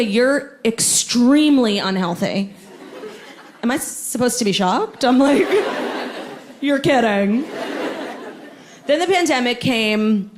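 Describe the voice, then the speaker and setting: A young woman doing stand-up comedy on a theatre stage, her slightly high voice brash and sarcastic as she plays up her own self-absorption. The live recording carries a steady hum of room noise. Audience laughter rolls in behind her.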